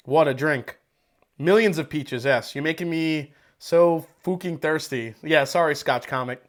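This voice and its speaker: This whiskey reviewer, a man with a slightly high voice, keeps a measured pace through a casual livestream tasting chat from home, rambling as he thinks aloud, cursing freely and laughing easily. His battery-pack wireless mic sits close and catches every aside.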